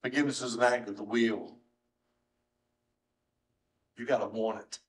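A middle-aged man, preaching a sermon as pastor in a church, swinging from soft, low tones to high, strained cries. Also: fairly even intonation, normal speed, poor audio. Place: church sanctuary.

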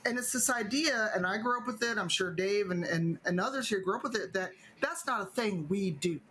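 A woman's voice: medium pitch, a little fast, fairly bright tone, a little hiss or hum, rough recording. A middle-aged woman speaking as a panelist in a casual panel discussion, conversational, emphatic and wry.

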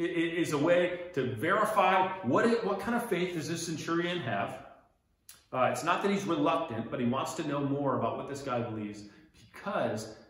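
A man with an American accent leading a casual Bible study lesson in a church room, explaining as he points along a map, with frequent restarts. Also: fairly high pitch. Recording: very echoey room.

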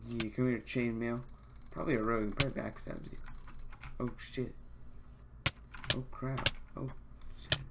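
A young man live-streaming a game, talking casually and excitedly, swearing a lot as he fanboys over another player. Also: mid-range voice, measured pace, creaky, long pauses, very noisy. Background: keyboard typing and mouse clicks.

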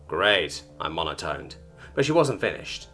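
Guy reading a sci-fi story out loud, bouncy and bright, bit of music under it. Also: mid-range voice, very animated, fairly quick. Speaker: narrator. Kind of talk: scripted story narration.

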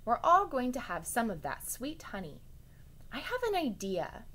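A woman voicing a clever, scheming male rabbit trickster from a storybook, with high, excited exclaiming. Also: moderate pace, exaggerated voice. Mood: sly.

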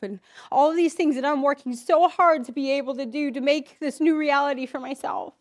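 High-pitched woman, church testimony speaker, candid and emotional storyteller. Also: brisk, few pauses. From Idaho, US. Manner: candid, emotional storytelling with acted inner voices. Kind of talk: personal testimony talk.

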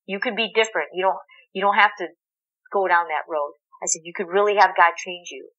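A woman guest in an interview, telling a story in a casual, animated way, acting out the dialogue and laughing often. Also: fairly low pitch, a little fast, muffled recording. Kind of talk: conversational storytelling.

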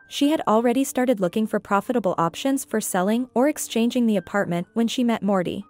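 A woman reading a scripted story aloud in an even, measured way. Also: on the high side, no echo.

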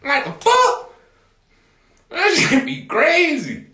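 Loud, high-pitched rambling man on a livestream. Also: wildly swooping pitch, slow, echoey room. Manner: loud, rambling, often shouting, profane. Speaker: rapper hosting a livestream. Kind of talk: casual livestream talk to viewers.

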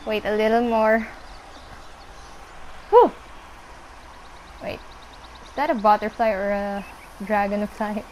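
A young woman casually commenting on her gameplay, chatting to the animals on screen and squealing when excited. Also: medium pitch, takes it slowly, long pauses, a little hiss or hum, rough recording. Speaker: gameplay streamer.

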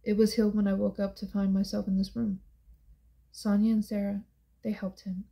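A woman voicing a brooding, intense young man in an audiobook, speaking softly and quietly, with a flat, gravelly, dark tone. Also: normal speed, natural voice. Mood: soft, wry. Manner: soft, hushed and low-key. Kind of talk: audiobook character voice.

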